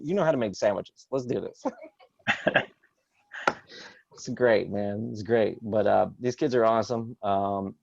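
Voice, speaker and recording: A stand-up comedian in his thirties performs a rambling set over a video call, hesitant and full of fillers but jumping loud for quoted outbursts. His voice is lowish and creaky, with no room sound and lo-fi audio.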